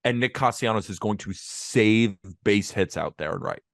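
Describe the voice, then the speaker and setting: A man co-hosting a casual sports podcast, chatty and quick to laugh, on a close mic. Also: lowish voice, vocal fry, no echo. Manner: animated, laughs often, chatty. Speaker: podcast co-host.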